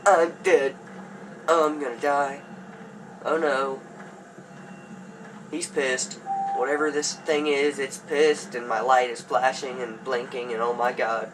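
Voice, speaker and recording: A man narrates a horror game in a slow, drawn-out way, jittery and prone to panic as he mutters to himself. A steady hum of background noise sits under his voice, with an air conditioner running in the room. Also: medium pitch. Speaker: gamer.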